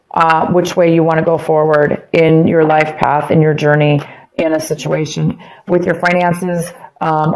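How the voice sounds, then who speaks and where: Soft-pitched woman giving a tarot reading. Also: rough recording. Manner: rambling, repeats phrases, many ums. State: losing her voice. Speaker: tarot reader. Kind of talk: casual tarot reading to camera.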